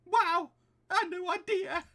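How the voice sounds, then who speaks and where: A man voicing an eager, excitable teenage girl sidekick in a game read-along. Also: extremely high pitch, unhurried, voice pushed up, full character voice. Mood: surprised. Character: peppy teenage girl spirit medium sidekick.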